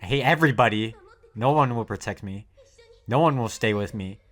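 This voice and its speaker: A woman's voice: extremely low pitch, fairly quick. A woman voicing a proud, lonely teenage girl pilot in an anime dub, speaking in defiant, clipped declarations. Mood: desperate.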